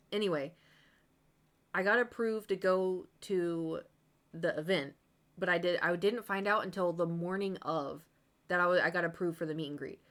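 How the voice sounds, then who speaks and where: A young adult woman chatting casually on a live stream. Her voice sits a bit low, and she tells long stories, jumping up in pitch to act out quoted lines. She laughs often and swears now and then. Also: a bit bright.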